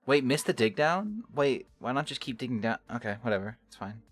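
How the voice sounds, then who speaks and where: A playful man co-casts a game in a relaxed, chatty manner, close and dry with no room sound. His pitch is mid-range, and faint music runs underneath. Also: no room sound. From Southern US. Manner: playful, quick to laugh along. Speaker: tournament co-caster. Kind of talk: casual game commentary.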